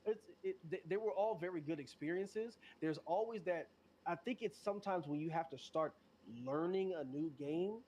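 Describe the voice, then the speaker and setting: A man talking as a podcast guest in casual chat, animated and slangy, laughing often. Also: high-pitched, normal speed, slight background noise.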